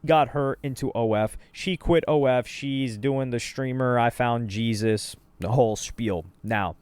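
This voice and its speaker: A man's voice: medium pitch, measured pace, a little mellow, clean tone, no echo. A young man co-hosting a casual reaction show, telling the backstory in loose slang with lots of asides. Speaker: co-host reacting to streamer clips.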